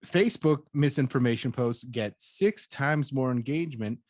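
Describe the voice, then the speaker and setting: Laughing, rambling podcast host. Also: male voice, mid-range voice, moderate pace, no room sound, clean studio sound. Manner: laughs often, rambling with many likes. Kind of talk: casual chat.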